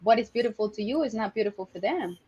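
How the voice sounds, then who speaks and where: A woman's voice: a little high, animated, quick pace, warm tone, slightly rough, lo-fi sound. A woman in a casual podcast chat, arguing her side point by point.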